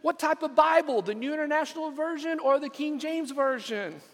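A preacher doing an excitable man on a bridge who gushes and pelts a stranger with rapid-fire questions. The voice jumps up high, with the long echo of a church hall around it. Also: full character voice. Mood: gushing.

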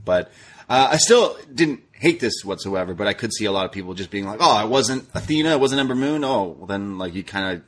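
A man's voice: lowish voice, fairly quick. A man co-hosting a podcast, chatting casually and acting out what others said as he recaps a show. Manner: animated retelling, acting out quoted lines. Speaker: podcast co-host. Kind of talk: casual wrestling recap chat.

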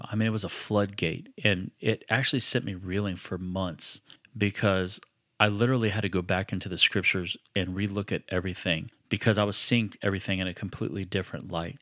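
A man's voice: low-pitched, a bit bright, dry recording, studio quality. A man hosting a podcast, telling a personal story in a conversational, reflective way with frequent restarts. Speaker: podcast host.

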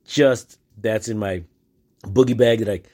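A man hosts a podcast solo, telling a long story in a loose, rambling way. His voice sits fairly low, and he trips over restarts and fillers as he goes. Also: a little slow, darkish tone. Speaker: podcast host. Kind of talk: casual storytelling monologue.

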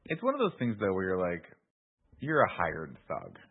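A man's voice: sits low, wildly swooping pitch, moderate pace, vocal fry, breathy edge. A man co-hosting a podcast, casually recapping a movie plot, swearing freely and acting out quoted lines. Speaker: podcast co-host. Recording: tinny phone-like audio.

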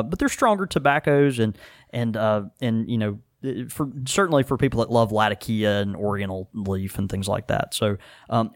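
A man hosting a relaxed podcast, talking at length with plenty of fillers and easy laughs. His pitch swings widely, rising high whenever he gets excited. The sound is dry and close. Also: no room sound. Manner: rambling, full of fillers, laughing easily. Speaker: podcast host. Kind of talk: casual chat.

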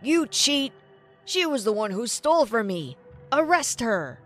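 A woman doing a furious pawn shop owner for an animated story, high and swooping, shouting his charges. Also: moderate pace, soft background music. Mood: angry. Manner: shouting, accusing. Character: angry accusing male pawn shop owner.

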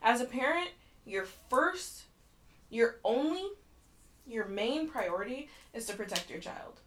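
A young woman co-hosting a casual chat show, talking bluntly and swearing without a second thought. Her pitch sits a little high and swings widely as she reacts. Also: lively intonation, a little slow, a bit bright, a little hiss or hum. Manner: blunt, outspoken, swears freely. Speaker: podcast co-host.

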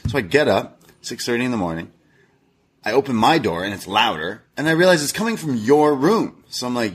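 A man's voice: fairly low pitch, lively intonation, fairly quick, a bit bright, husky. A man co-hosting a podcast, telling a long story in casual chat, swearing often and laughing at himself. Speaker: podcast co-host.

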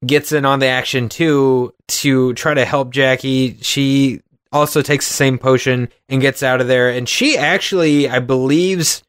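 A man's voice: medium pitch, measured pace, hardly any pauses, clear, resonant tone, dry recording. A man in casual podcast chat, talking in an easy middle register and laughing often as he walks through a cartoon episode. His voice sits close and dry, with almost no room sound around it. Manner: chatty, laughs often, animated recaps. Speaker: podcast co-host.

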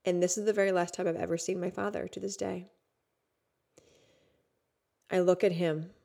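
A woman's voice: fairly low pitch, little pitch movement, normal speed, creaky. Woman telling a raw personal story. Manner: raw, intimate, with frequent "like" and sudden swings from hushed to loud. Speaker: podcast host.

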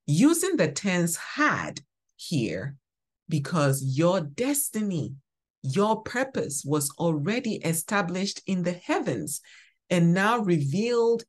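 Slow, low-voiced woman preaching. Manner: slow, emphatic, preacherly, stresses single words. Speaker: podcast host. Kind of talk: devotional podcast teaching.

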